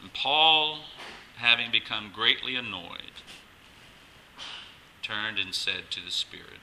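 A man's voice: on the low side, animated, slow pace, pauses often, bright, forceful tone, rough recording. A male pastor preaching a sermon, emphatic and exhorting, often restarting his phrases.

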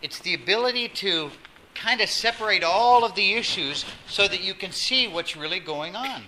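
Male pastor, sermon, animated delivery, higher voice, noisy recording. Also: moderate pace. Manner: animated, drops to soft emphasis, acts out quotes.

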